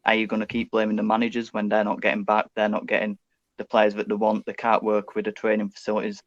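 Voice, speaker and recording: A man's voice: on the low side, completely flat delivery, fast talker, no room sound. A man taking part as a fan guest in a casual football discussion, stammering and repeating words as he argues passionately. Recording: dull, dry lo-fi mic.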